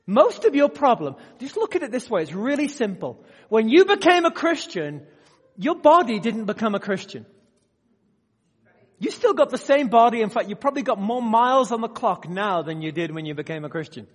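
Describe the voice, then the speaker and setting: A male preacher with a high, lively voice that keeps climbing and dropping. He moves from loud emphatic bursts to quiet asides and keeps checking in with the room. His voice rings with the long reverb of a large hall. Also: moderate pace, slightly rough. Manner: asks the audience direct questions. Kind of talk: sermon.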